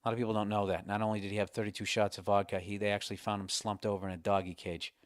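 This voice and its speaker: A man hosting a podcast and telling a comedic story in a profane, exasperated, animated way. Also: fairly low pitch, very fast, no room sound, studio quality. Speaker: podcast host.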